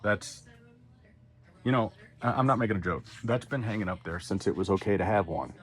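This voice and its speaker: A man's voice: lowish voice, animated, fairly quick. A middle-aged man from Texas talking candidly and with plenty of swearing in a casual vlog as he walks around. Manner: candid and profane, talks while walking. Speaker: vlogger. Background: a dog barking.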